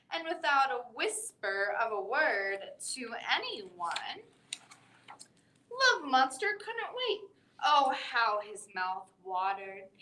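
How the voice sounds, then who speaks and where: A woman hosting a library storytime, reading a children's bedtime story in an expressive storybook voice with big swings for effect, then leading the kids through a song. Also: on the high side. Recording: echoey room.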